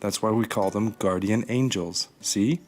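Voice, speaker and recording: A man voicing a kind, gently joking God in a children's storybook reading, speaking in a warm, reassuring manner. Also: lowish voice, measured pace.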